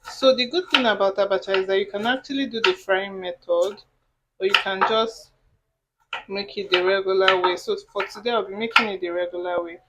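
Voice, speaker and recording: A woman's voice: medium pitch, fairly even intonation, fairly quick, very noisy. Chatty woman cooking on camera. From Nigeria. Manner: chatty, talks while cooking, asides to viewers. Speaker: cooking vlogger. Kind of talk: casual cooking tutorial. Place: home kitchen.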